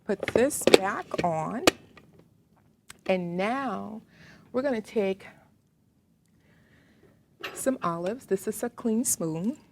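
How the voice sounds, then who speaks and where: A woman's voice: medium pitch, animated, extremely slow, gravelly, pauses often, background noise. A woman with a Southern American accent hosting a home cooking demonstration, chatting to the viewer as she works in her kitchen. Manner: chatty, talks to the viewer while working. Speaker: cooking show host.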